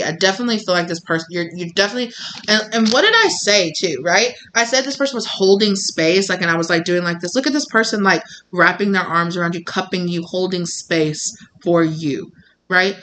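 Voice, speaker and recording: Bright-voiced rambling tarot reader. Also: medium pitch, fairly quick, slight background noise. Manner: rambling, lots of "like", acts out voices of the people in the reading. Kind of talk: intuitive tarot reading to viewers.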